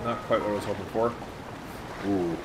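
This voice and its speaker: A man hosting a let's-play, giving excitable, casual commentary, swearing at and taunting enemies. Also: fairly low pitch, normal speed, music in the background. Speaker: gaming channel host.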